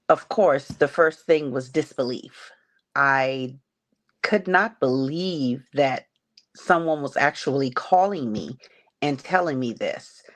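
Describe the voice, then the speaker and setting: A middle-aged woman slowly and haltingly telling a painful personal story as a podcast guest. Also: extremely low pitch. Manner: slow, halting, emotional retelling. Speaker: guest sharing her story. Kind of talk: personal testimony on a grief podcast.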